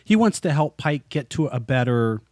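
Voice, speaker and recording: Man, podcast co-host, casual enthusiastic chat, lively animated pitch, dry close sound. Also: moderate pace, no room sound. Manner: enthusiastic, acts out quotes.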